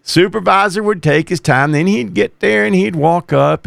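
A man's voice: high-pitched, expressive, moderate pace, vocal fry, hardly any pauses, no echo. A man who used to be a police officer, preaching emphatically as a radio show host. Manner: emphatic, rising to forceful exhortation. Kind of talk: preaching talk.

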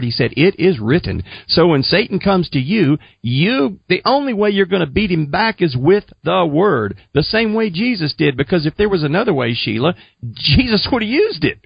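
Gravelly man telling his testimony. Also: fairly high pitch, very animated, moderate pace, no room sound, lo-fi sound. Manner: earnest, preachy storyteller. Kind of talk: casual storytelling testimony.

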